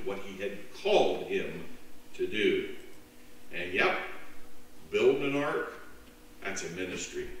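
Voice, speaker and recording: A man preaching a sermon as pastor, with a slow, dramatic delivery. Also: mid-range voice. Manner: slow, dramatic delivery with lively voiced jokes. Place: church sanctuary. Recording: echoey church from far off.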